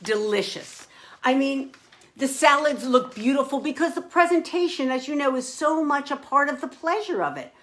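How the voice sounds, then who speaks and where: A woman's voice: sits high, expressive, normal speed, fairly bright tone. A woman author chatting enthusiastically to camera about the food in her novel and showing cookbooks as she talks.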